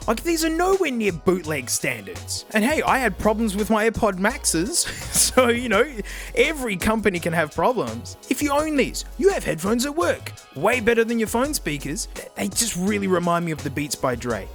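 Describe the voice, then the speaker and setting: A man's voice: high-pitched, big pitch swings, normal speed, fairly bright tone, faint music behind. An Australian man reviewing earbuds in a blunt, joking, casual way, often saying mate. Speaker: headphone reviewer.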